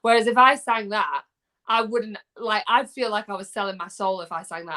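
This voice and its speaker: A woman's voice: mid-range voice, steady tone, fairly quick, fairly bright tone. A young English woman, a singer, talking casually in a video chat, rambling with plenty of fillers and restarts. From England.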